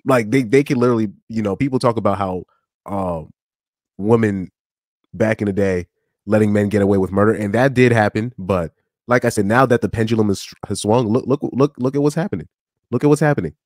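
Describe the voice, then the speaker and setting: A man giving casual reaction commentary on a live stream clip, animated, with stammering restarts and frequent laughs. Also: lowish voice, brisk, no echo, studio quality.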